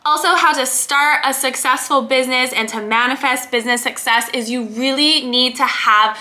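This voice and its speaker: A woman's voice: high-pitched, normal speed, sharp tone. A woman mindset coach giving an earnest, emphatic motivational talk to camera, stressing and repeating key words.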